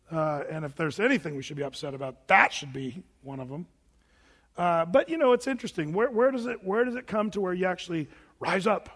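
A pastor delivering a sermon in a loose, conversational way, his voice sitting high for a man. He now and then mimics shouting televangelists. The sound carries a long reverb from a large hall. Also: husky.

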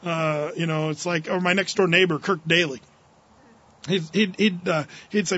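Male pastor, high voice, joking sermon style, dull lo-fi recording. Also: fairly even intonation, moderate pace, a bit bright, slightly rough. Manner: humorous, anecdotal, chuckles often. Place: church, Wednesday evening service.

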